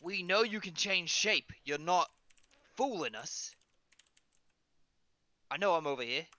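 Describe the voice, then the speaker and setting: A man's voice: a little high, lively intonation, a little slow, pushed and bright, dry recording. A man voicing an exasperated, suspicious male military commander in a tabletop game, talking in a weary, sarcastic grumble. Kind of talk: tabletop role-play character voice.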